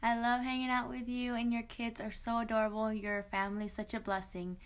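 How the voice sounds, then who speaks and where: A woman speaks a friendly, casual birthday message in a fairly even voice. She sounds relaxed and warm-hearted in her wording. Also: on the high side, brisk.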